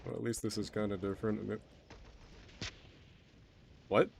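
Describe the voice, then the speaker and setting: A deep-voiced man chatting loosely while he plays, wandering off mid-thought and poking fun at himself. A faint hiss sits under his voice. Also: little pitch movement, moderate pace, vocal fry. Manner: rambling, self-mocking, trailing off mid-sentence. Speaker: game streamer. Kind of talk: casual gameplay commentary.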